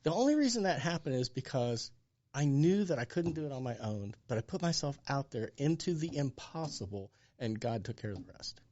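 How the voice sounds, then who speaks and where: A man in his sixties, a pastor being interviewed, telling a story with lively acted-out dialogue. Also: mid-range voice, fairly quick, dull audio. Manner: animated storyteller acting out dialogue. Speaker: pastor and guest.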